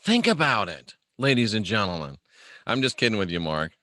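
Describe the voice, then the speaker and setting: A man's voice: lowish voice, very animated, a little fast, pushed and bright, no echo. A man hosting a casual livestream monologue, rambling and joking as he answers viewer comments. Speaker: host.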